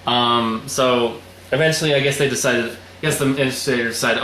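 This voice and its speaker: A young man with a mid-range voice speaks briskly and forcefully in a bright tone, with fairly even intonation, as he casually recaps a story. He rambles loosely, swears often, and acts out the lines, all recorded in a roomy, echoey space with faint noise.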